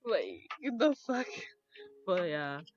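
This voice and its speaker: A young woman telling a personal story in casual chat, animated and swearing, acting out the voices of the people she quotes. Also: on the low side, very slow, muffled recording, faint music behind.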